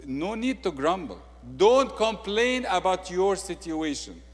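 A man's voice: high-pitched, very animated, unhurried. Egyptian-accented male preacher in a reverberant hall. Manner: swings from quiet intimate asides to loud emphatic declarations. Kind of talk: sermon.

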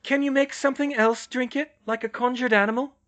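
A man's voice: extremely high pitch, steady tone, fairly bright tone, highs cut off, voice pushed up. A man voicing a clever teenage girl witch who fires off eager questions in an audiobook reading. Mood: inquisitive. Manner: eager, rapid-fire questions. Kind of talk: audiobook character voice.

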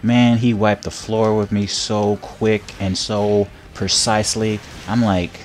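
Faint game music plays behind this deep-voiced young gameplay streamer as he rambles slowly through casual commentary. Laughing a lot and repeating himself, he turns loud and excited when he takes a hit.

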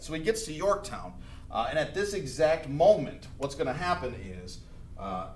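Laid back guy teaching history, slightly high voice, chatty, does little voices for people. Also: very animated, normal speed, slight background noise. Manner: casual and chatty, acts out historical figures in quotes. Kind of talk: recorded classroom lecture. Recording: echoey room recording.

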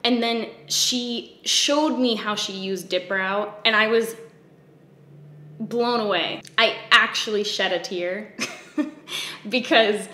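A woman's voice: mid-range voice, fairly even intonation, slow, bright, forceful tone. Young woman rambling about makeup, swears a bit, kinda echoey room. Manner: chatty, candid, swears casually, long-winded storyteller. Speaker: beauty vlogger. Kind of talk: casual storytelling vlog.

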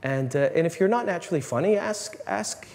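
A man, a priest, giving an animated, joking talk to a live audience, often restarting his sentences. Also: on the high side, fairly quick, creaky. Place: large hall. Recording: long reverb in a hall, faint room noise.

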